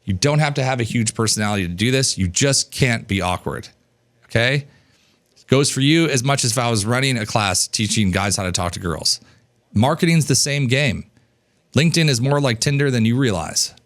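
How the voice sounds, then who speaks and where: A man in his thirties teaching business coaching in an energetic, casual way, acting out snippets of dialogue and swearing now and then. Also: moderate pace. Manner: animated, acts out dialogue in a higher voice, casual swearing.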